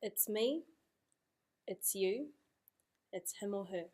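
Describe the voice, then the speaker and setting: A woman's voice: mid-range voice, expressive, slow, darkish tone. A woman teaching a language lesson, casual and encouraging, repeating drills aloud.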